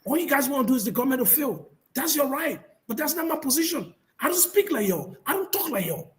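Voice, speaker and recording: A man's voice: very high voice, big pitch swings, fast talker, rough recording. A man arguing defensively and insistently on a heated live panel show, repeating himself to make his point. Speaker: panel guest.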